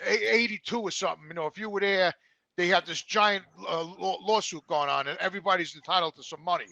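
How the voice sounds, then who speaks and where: An older man co-hosting a podcast, telling a story in an excitable way, repeating words, swearing and acting out both sides of a phone call. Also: sits high, fairly quick, vocal fry, no room sound. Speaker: podcast co-host. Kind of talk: animated storytelling.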